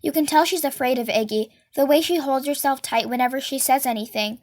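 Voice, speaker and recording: A woman's voice: sits high, fairly quick, darkish tone. A woman reading a novel aloud and giving each character a voice of her own. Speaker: reader.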